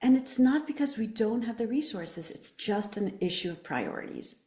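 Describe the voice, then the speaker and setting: A woman's voice: on the high side, expressive, moderate pace, mellow, roomy sound. A woman running for office, answering interview questions with passion and emphatic rhetorical questions. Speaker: political candidate.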